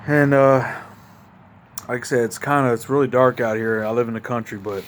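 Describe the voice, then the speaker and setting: A man's voice: medium pitch, fairly even intonation, normal speed, a little hiss or hum. A man from Mississippi with a Southern drawl talks to his viewers in a rambling, easygoing way, calling them y'all. He is a little tipsy after a couple of beers. He records on his phone outdoors at night in his country backyard. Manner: laid-back, rambling, addresses viewers as y'all. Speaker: vlogger. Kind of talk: casual outdoor chat to camera. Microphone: phone camera.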